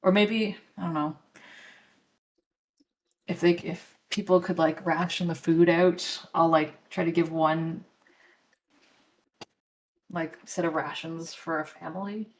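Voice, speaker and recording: A woman at the table as a player, telling the game master what her character does. Her voice sits a little low for a woman. She thinks aloud as she goes, hedging and trailing off with ums. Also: fairly even intonation, takes it slowly, long pauses. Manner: tentative, thinking aloud with fillers. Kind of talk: casual tabletop game play.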